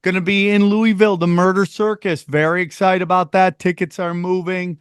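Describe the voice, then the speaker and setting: A man hosting a podcast in casual, profane, animated chat, riffing and plugging shows. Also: sits high, a little fast, clean tone, dry recording, clean studio sound. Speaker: podcast host.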